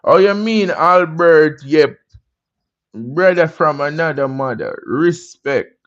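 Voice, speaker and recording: A Jamaican man with a voice on the high side hosts a laid-back livestream chat, speaking in a drawn-out way as he answers comments and welcomes viewers by name. The audio sounds dull.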